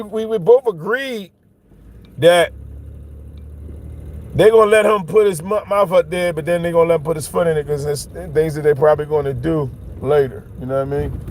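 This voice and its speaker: Rambling, emphatic man on a livestream. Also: a little high. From Philadelphia. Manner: rambling, emphatic, keeps asking "you know what I'm saying". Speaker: livestream host. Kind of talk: casual livestream monologue. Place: outdoors, walking home on a street. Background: faint traffic.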